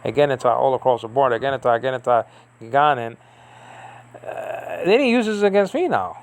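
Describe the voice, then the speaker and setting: A man's voice: mid-range voice, expressive, normal speed. A man giving a casual, rambling Bible study lesson, thinking aloud with many fillers and asides. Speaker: Bible teacher.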